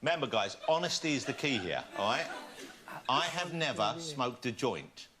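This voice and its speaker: Lively, teasing male interviewer. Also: medium pitch, normal speed. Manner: teasing, laughing. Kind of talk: playful interview questions. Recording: loud crowd and noise.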